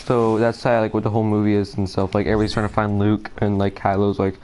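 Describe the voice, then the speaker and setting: A man's voice: lowish voice, flat delivery, fast, hardly any pauses, darkish tone, a little hiss or hum. A man talking through a theory while playing a shooter game, hesitant and distracted, with many fillers and restarts. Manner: distracted, nervous, apologetic. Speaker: gaming video creator.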